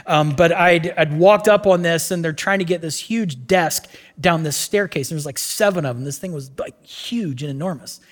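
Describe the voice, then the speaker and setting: A man preaching a casual sermon, telling the story with animated voices and quick asides. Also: a little high, long reverb tail. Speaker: pastor.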